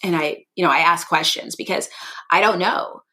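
Low-voiced woman co-hosting a chatty podcast. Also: normal speed, pushed and bright. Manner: rambling, thinking aloud. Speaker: podcast co-host. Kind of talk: casual chat.

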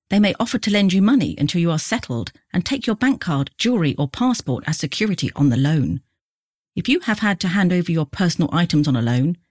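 A voice giving a clear, instructive public service announcement. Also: mid-range voice, no echo, clean studio sound. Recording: music bed behind the voice. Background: music.

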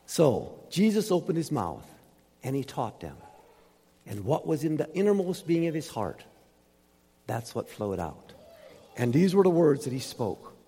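A man preaching a sermon as pastor, emphatic, swinging from loud highs to soft lows. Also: big pitch swings, unhurried, slightly rough. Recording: reverberant hall.

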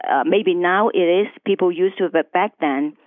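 Lively woman. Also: on the low side, moderate pace, no room sound. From Hong Kong. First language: Chinese. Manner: lively storyteller, acts out dialogue, laughs often. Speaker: interview guest. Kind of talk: telling her story in a radio interview. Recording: tinny phone-like, dry radio recording.

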